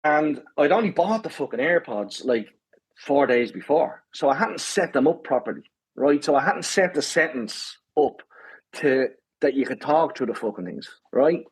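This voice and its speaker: A man's voice: a little high, animated, normal speed, slightly rough, dry recording, low-quality recording. A man telling a story with lots of swearing and repeated "right?". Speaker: guest runner. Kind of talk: animated storytelling.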